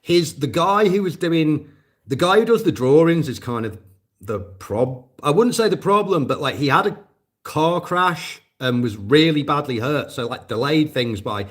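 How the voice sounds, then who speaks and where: A man's voice: on the high side, animated, measured pace. A man casually chatting to his live audience, rambling and swearing, with lots of fillers. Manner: profane, rambling, many fillers. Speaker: volunteer drone operator answering live chat. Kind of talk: casual livestream chat.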